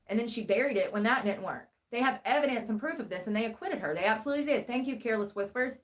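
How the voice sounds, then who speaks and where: A woman's voice: a little high, expressive, quick pace. A woman livestreaming true-crime commentary, rambling and sarcastic as she reads the news aloud. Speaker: live streamer.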